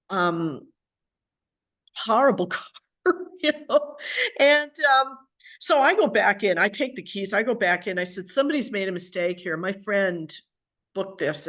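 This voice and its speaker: Older woman telling a story, animated and chatty. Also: mid-range voice. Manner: animated, chatty, acts out what people said. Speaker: author and guest speaker. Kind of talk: conversational storytelling talk. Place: at home.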